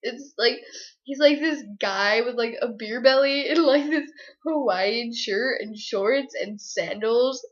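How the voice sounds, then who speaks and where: A woman's voice: a little high, slow, highs cut off. A young woman gushing about a book in a chatty, giggly way. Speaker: book reviewer. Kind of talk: casual book review chat.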